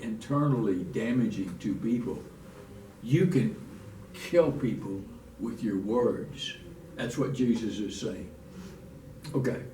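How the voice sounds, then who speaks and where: A man's voice: mid-range voice, a little mellow. A man teaching a church Bible lesson in a folksy, restarting way, reading scripture aloud. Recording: echoey room from far off, faint noise.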